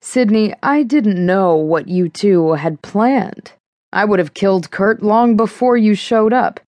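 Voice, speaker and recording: A smug, manipulative man talks in a breezy, mocking tone, shrugging everything off, as a woman reading the audiobook acts him out. The delivery is slow and unhurried. The sound is dry and close to the mic. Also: mid-range voice, a little mellow, dry recording, voice pushed up, lightly acted. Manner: offhand and mocking.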